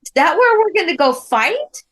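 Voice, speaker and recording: A woman's voice: extremely high pitch, normal speed, heavily acted. A woman improvising as an eager thirteen-year-old boy soldier. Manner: eager, excited questions.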